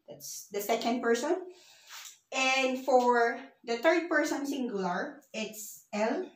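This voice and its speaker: A woman teaching a beginners' language lesson on her own channel, explaining slowly with many fillers. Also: on the high side. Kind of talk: casual online lesson. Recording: echoey room.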